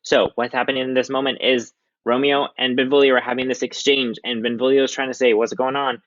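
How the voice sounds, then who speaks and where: A man's voice: medium pitch, level tone, quick pace, a bit bright, dry recording. A male teacher explaining a play in a casual, chatty way with many ums. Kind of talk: recorded literature lesson. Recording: dull lo-fi dry recording.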